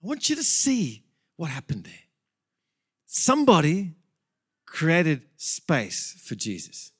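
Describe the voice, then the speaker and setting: Lively, animated male preacher. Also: a little high, slow, breathy edge. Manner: animated storytelling, chatty asides. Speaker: pastor. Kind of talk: sermon.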